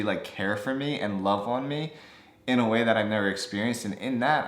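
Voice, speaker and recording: A young man casually telling a personal story, animated and acting out the lines of people he quotes. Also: on the low side, echoey room. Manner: animated, acts out quoted dialogue. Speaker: co-host of a couple's channel.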